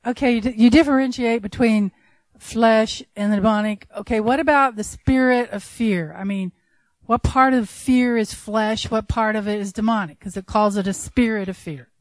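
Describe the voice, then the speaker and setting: Lady asking a question at church, kinda higher voice, dry sound. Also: steady tone, normal speed, no echo. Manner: questioning, thinking aloud. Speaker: audience member asking a question.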